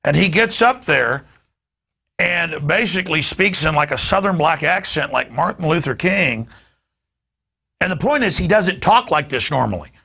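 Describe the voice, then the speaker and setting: A man's voice: on the high side, lively intonation, normal speed, creaky, pushed and bright, breathy edge. A man hosting a talk show, delivering an emphatic and indignant political rant. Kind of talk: ranting political commentary.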